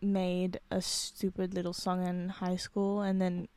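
A woman's voice: fairly low pitch, monotone, measured pace, mellow, no echo. A young woman, co-hosting a casual podcast chat, playful and teasing as she tells stories. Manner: playful, teasing, breaks into sung rhymes. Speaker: podcast co-host.

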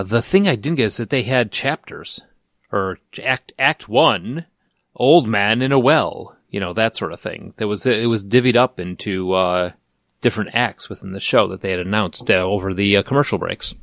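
A man's voice: fairly low pitch, fairly quick, gravelly, a bit bright, no echo, clean studio sound. A man chatting casually as a podcast host, rambling into stories and laughing often. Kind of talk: casual chat.

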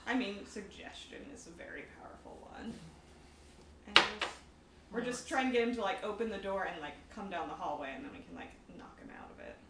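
A woman's voice: medium pitch, expressive, fairly quick. A woman playing a tabletop game, talking through plans eagerly and saying "like" a lot. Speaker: player. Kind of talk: casual tabletop game chat. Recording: echoey room, distant mic, noticeable noise.

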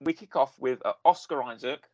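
A man's voice: mid-range voice, brisk, a little mellow, no room sound. A British man co-hosting a casual chat, rambling and jokey, often hesitating while he hunts for a word. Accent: British English. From England. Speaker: podcast co-host.

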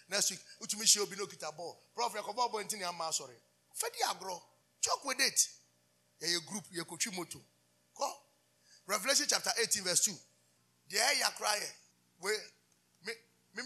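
Male pastor, high husky voice, fervent sermon delivery with call-and-response. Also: sharp tone. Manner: fervent call-and-response preaching, switching between English and Twi.

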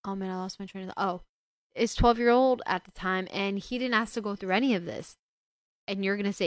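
A woman casually retelling a book and commenting on it, growing indignant and loud as she scolds a character. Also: medium pitch, brisk, smooth, no room sound. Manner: indignant, gets loud and heated when scolding the father. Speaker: book discussion host.

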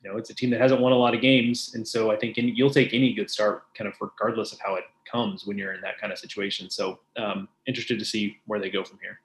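A man's voice: on the low side, little pitch movement, quick pace, hardly any pauses. A man co-hosting a podcast, speaking casually and hedging his points. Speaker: podcast co-host. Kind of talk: casual sports chat. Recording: roomy with faint noise.

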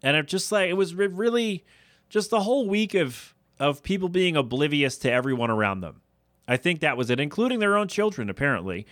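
A man's voice: fairly high pitch, animated, brisk, fairly bright tone, no room sound. Guy podcaster ranting, rambly and fed up, dry close mic. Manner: exasperated, rambling, rising to incredulous outbursts. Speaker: podcast host. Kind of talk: solo podcast rant.

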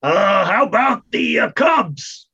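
Husky, animated male player, jokey, on a dull lo-fi mic. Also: high voice, slow. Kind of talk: casual tabletop game play.

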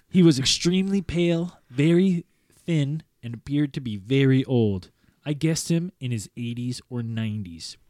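A man reads a first-person story aloud, measured and earnest. His voice sits at an ordinary middle pitch and comes across dry and close, with no room sound. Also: lively intonation, darkish tone, no room sound.

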